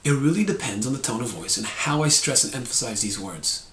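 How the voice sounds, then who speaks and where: A man's voice: medium pitch, lively intonation, fairly quick, fairly bright tone, slight background noise. Man giving a Torah lesson, echoey room. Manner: explanatory, demonstrates tones of voice. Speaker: Torah teacher. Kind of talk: short recorded lesson.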